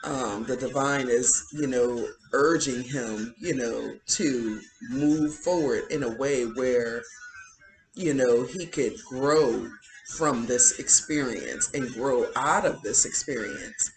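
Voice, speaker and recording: A woman's voice: a bass voice, slow pace, soft background music, low-quality recording. A woman giving a casual spiritual commentary, chatty and indignant, full of "um" and "like". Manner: chatty, filler-heavy, indignant. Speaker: spiritual vlogger.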